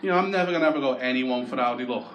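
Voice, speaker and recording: A man's voice: medium pitch, very fast, background noise. Wry Scouse man doing stand-up. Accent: Liverpool Scouse. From Croxteth, Liverpool, England. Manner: wry, self-deprecating and sweary. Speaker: stand-up comedian. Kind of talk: stand-up comedy set. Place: comedy club stage. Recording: echoey club with loud audience laughter.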